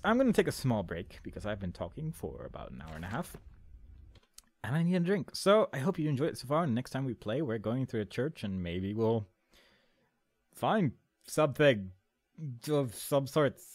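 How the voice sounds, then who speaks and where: A man's voice: mid-range voice, sing-song, a little fast, no echo. A man casually commenting on a horror game as he plays, rambling and amused, talking back at the characters. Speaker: let's play commentator.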